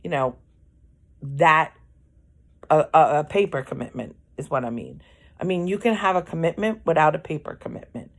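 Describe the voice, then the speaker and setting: A woman's voice: low-pitched, animated, moderate pace. A middle-aged woman talking candidly in a casual personal monologue, speaking to viewers about relationships. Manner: candid, conversational, acts out quoted dialogue. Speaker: host.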